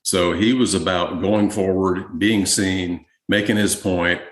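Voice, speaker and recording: Male guest historian, low voice, easygoing interview talk, echoey room. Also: slow pace. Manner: relaxed, conversational, many fillers. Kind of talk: podcast interview answers.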